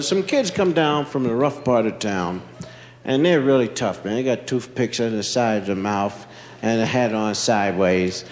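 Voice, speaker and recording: A man's voice: medium pitch, echoey room, a little hiss or hum. A man from Philadelphia telling a long childhood story on stage as a stand-up comedian, acting out the characters. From Philadelphia, USA. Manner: animated storyteller, acts out characters.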